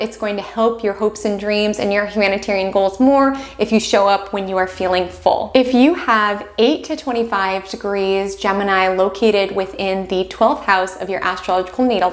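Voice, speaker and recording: A young adult woman hosting an astrology video, talking gently and reassuringly straight to her viewers. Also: mid-range voice, normal speed, few pauses, roomy sound. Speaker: astrology channel host. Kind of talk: direct-to-camera astrology forecast.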